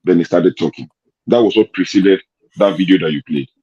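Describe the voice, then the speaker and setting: A man with a lowish, dark and husky voice makes his case in casual political commentary, firing off rhetorical questions. The audio comes over a remote call and sounds dull and lo-fi. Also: a little fast. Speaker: show host.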